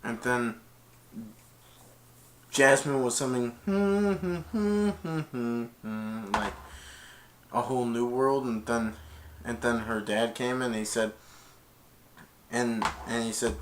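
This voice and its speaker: A man's voice: mid-range voice, slow, pauses often. A man casually reviewing a film, retelling the plot in a rambling way with many "and then"s.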